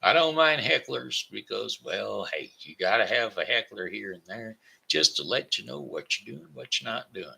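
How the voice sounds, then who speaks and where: A man with a lowish, gravelly voice hosts his own daily live stream. His tone is sharp and tense. He talks in a folksy, rambling way, full of homespun asides to his viewers. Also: expressive, normal speed. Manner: breaks into a homespun goodbye song. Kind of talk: casual live-stream chat.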